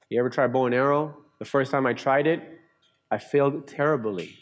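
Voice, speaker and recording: A middle-aged pastor from Canada preaching a sermon in an earnest way, rising into lively storytelling and dropping into quiet, low emphasis. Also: male voice, fairly quick.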